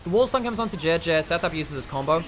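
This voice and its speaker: Fast-talking English male esports caster. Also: fairly high pitch, animated, a little hiss or hum. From England. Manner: analytical, quick, dry humour. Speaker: esports commentator. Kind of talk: live play-by-play and analysis commentary.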